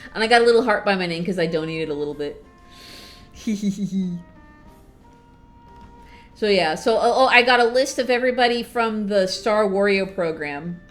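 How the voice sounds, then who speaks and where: A woman streamer chatting casually to her viewers, excitable, swinging between mumbles and squeals of laughter. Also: medium pitch. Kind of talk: casual livestream chat.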